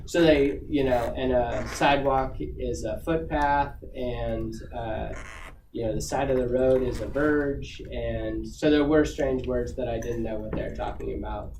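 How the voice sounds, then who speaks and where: A man's voice: medium pitch, fairly even intonation, measured pace, a little mellow. Rambling man in an echoey room. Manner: rambling, with many fillers and restarts. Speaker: guest speaker. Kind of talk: casual talk to students. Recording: echoey room, far from the mic, noisy.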